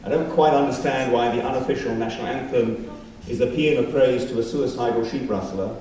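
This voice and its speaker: Rabbi giving a measured assembly address with dry humor; distant mic, heavy hall echo. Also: male voice, mid-range voice, warm tone. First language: not Australian-born. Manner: measured, wry asides. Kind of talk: formal speech. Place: large school hall. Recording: very echoey hall from far off, faint background noise.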